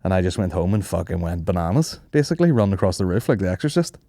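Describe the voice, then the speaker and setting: A young man with a fairly low voice rambles through comic stories, swearing freely and laughing often. He talks casually as a podcast host. The recording is close and dry, with no room sound. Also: sing-song, quick pace, mellow, dry recording. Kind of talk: casual comedic storytelling.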